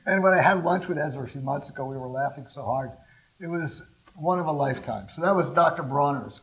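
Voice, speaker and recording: An older man from California giving a talk, telling rambling, animated anecdotes and asking the audience questions. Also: a little high, moderate pace, pauses often, rough recording. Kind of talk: storytelling talk to a small audience.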